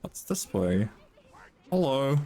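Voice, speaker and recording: A man's voice: medium pitch, very animated, takes it slowly, mellow. A young man casually commenting on a video game as he plays, swearing freely and chattering playfully to his chat and the characters on screen. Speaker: streamer.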